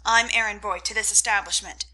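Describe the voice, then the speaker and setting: A woman's voice: mid-range voice, steady tone, fairly quick, sharp tone. A woman voicing a cheerful, helpful teenage boy neighbor in a storybook reading. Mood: breezy.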